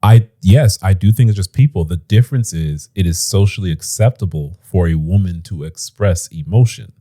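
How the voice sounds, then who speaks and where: This podcast co-host has a low, mellow voice and talks at normal speed into a podcast mic at home. The chat is casual and lively, full of slang and voice impressions.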